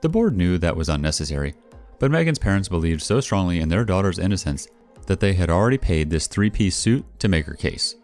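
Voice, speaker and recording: Deep-voiced man narrating with lively inflection. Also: a little fast. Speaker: story narrator. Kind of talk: first-person story reading. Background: faint background music.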